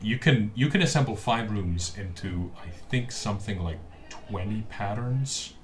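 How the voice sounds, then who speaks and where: A man with a low voice chats casually on his live stream. He rambles, restarts and fills gaps with "uh." His voice comes through a webcam microphone with a faint hiss behind it. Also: lively intonation, unhurried. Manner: rambling, with many fillers and restarts. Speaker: streamer host.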